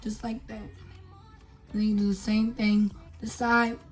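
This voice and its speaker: A woman's voice: medium pitch, level tone, unhurried, soft background music. A young woman chatting casually through a makeup tutorial, talking to viewers with lots of fillers as she works. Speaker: beauty vlogger.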